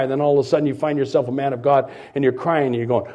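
A middle-aged man preaching a sermon, swinging between loud emphasis and quiet, confiding asides. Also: a little high, quick pace, hardly any pauses. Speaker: pastor.

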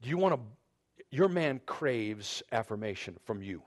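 A man's voice: medium pitch, lively intonation, moderate pace. Chatty male pastor preaching. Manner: chatty, repeats words and restarts sentences; addresses the men and the women in turn. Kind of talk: conversational sermon to a congregation.

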